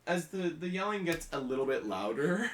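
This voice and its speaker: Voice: medium pitch, big pitch swings, normal speed, a little hiss or hum. Rambling tabletop game master. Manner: rambling, lots of "like" fillers.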